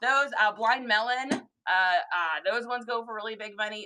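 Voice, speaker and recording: A young woman hosting a reseller livestream, chatting excitedly with her viewers about thrift finds. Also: on the high side, normal speed, few pauses, poor audio. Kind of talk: casual livestream chat.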